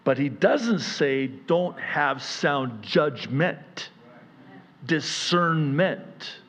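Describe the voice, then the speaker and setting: A male pastor preaching a sermon at a church service, building to near-yelling intensity before settling back into a conversational tone. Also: on the high side, expressive, extremely slow.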